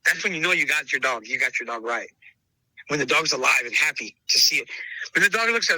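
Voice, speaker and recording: A man speaks in a casual interview with a forceful, tense edge to his fairly high voice. He stresses points by repeating them and keeps calling the listener brother. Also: expressive, fairly quick, slightly rough, no echo, poor audio. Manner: emphatic, repeats himself, calls listener brother. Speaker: podcast host interviewed as dog trainer.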